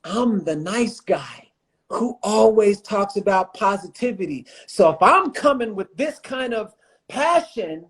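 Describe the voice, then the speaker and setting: Speaking unhurriedly in an animated, fairly bright voice that sits high, a motivational speaker and coach joins a livestream interview as a guest. He talks with passion, repeating phrases for emphasis, over a phone or computer mic.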